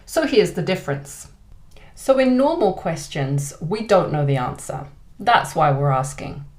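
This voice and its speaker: A woman with a British accent teaching an online English lesson, speaking clearly and deliberately. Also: on the low side, sing-song. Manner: clear, deliberate teaching delivery with exaggerated example intonation.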